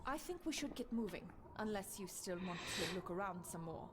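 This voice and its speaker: A woman's voice: medium pitch, animated, normal speed, lightly acted. A woman voicing a curious, practical young companion who speaks thoughtfully in an adventure game. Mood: calm.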